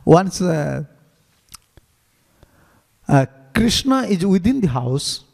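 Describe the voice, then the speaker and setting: A man, a monk, giving an animated devotional scripture class in simple, non-standard English, telling stories as he teaches. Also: high-pitched, very slow, vocal fry, in a large hall. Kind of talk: devotional lecture with storytelling.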